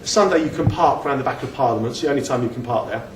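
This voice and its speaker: A man's voice: medium pitch, fast, noisy background. A man giving a casual slide talk, chatty and self-deprecating, often restarting his sentences. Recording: echoey room, mic at a distance.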